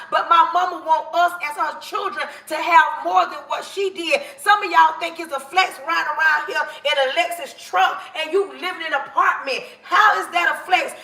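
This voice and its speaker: A woman hosting a livestream and giving emphatic, preachy life advice. She speaks in casual, colloquial speech straight to her viewers and sometimes raises her voice to a shout. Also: very high-pitched, creaky, distant mic. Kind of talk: motivational straight talk to viewers. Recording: echoey room, voice a bit off-mic.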